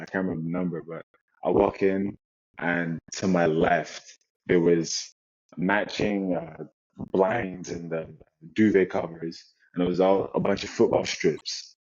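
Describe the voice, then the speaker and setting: A young man from Nigeria, a guest on an interview podcast, telling stories in a relaxed way with many restarts. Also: deep voice, lo-fi sound. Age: young adult. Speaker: guest, American football player. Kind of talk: casual interview chat.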